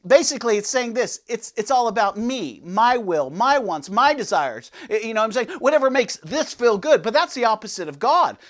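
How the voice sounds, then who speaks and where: Animated man preaching a devotional. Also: extremely high pitch, normal speed, few pauses. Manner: animated, swings between loud and hushed; peppers talk with "you know what I'm saying" and "okay". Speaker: men's ministry host.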